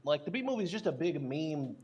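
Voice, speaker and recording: A man as a podcast guest telling casual, animated stories, with many fillers and restarts. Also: a little high, brisk, husky, muffled recording. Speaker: guest, content creator.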